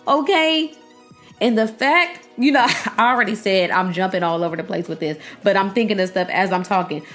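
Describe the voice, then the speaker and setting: A young woman hosting a podcast in casual chat. She talks in an animated, profane way, laughs often and acts out the people she quotes. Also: mid-range voice, brisk, soft background music. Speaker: podcast host.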